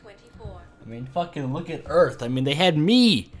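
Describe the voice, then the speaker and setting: Young-sounding male gamer for loose let's play narration, profane and rambling, very animated delivery. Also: a little high, measured pace, soft background music. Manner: rambling and profane, often swears; thinks aloud while playing. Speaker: gamer playing a video game.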